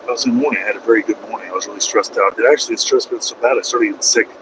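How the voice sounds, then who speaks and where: A man's voice: fairly low pitch, racing, noisy background. A man who drives a truck, chatting casually and rambling from the road, with slangy talk that repeats itself and trails off. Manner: loose and conversational, slangy, repeats himself and trails off. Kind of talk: casual rambling vlog chat.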